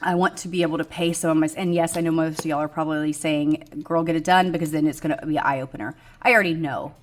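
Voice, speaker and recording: A woman's voice: low-pitched, steady tone, fast talker. A middle-aged woman, chatting frankly about her budget goals, rambling with many ums and poking fun at herself. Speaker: budgeting vlogger. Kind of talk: casual chat to camera.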